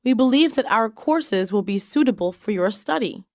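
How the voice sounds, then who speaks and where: A woman with a fairly high voice reads English practice sentences one after another, measured and evenly paced. The sound is close and dry, with no room around it. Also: animated, dry recording. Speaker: English lesson reader. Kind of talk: reading practice sentences aloud.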